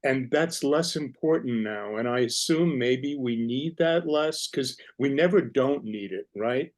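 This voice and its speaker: A man's voice: mid-range voice, a little slow. A man speaks on a panel over a video call, thinking aloud as he goes. He halts and restarts, circling back over his words while he searches for what he means. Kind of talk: reflective discussion on a video call.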